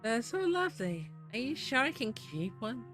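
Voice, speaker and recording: A streamer voicing a sweet, wistful ghost-possessed young girl in a high, dreamy way. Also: sing-song, moderate pace, fairly bright tone, soft background music. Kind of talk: voicing game dialogue.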